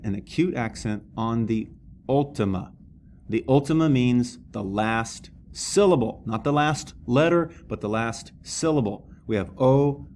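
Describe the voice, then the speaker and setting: Slow patient guy teaching a class, spells stuff out, bit of background hiss. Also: mid-range voice, darkish tone. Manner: patient, spells out words syllable by syllable. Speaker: Greek teacher.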